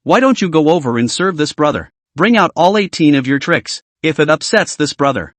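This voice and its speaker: A man's voice: fairly high pitch, animated, fairly quick, fairly bright tone, dry recording. A man doing a fawning, scheming gang boss. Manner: groveling then vicious.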